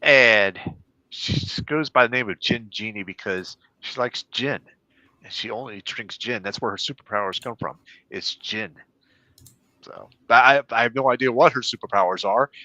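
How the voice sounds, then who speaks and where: Male co-host, bantering joker, bright animated voice, dry dulled recording. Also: medium pitch, dry recording, muffled recording. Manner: jokey, quick banter. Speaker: podcast co-host. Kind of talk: casual comic book podcast chat.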